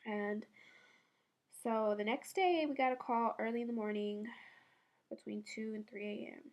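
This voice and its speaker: Tearful woman in her 20s, bay area, soft halting voice, a bit high with lots of fry. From San Francisco Bay Area. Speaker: vlogger. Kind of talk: personal memorial monologue.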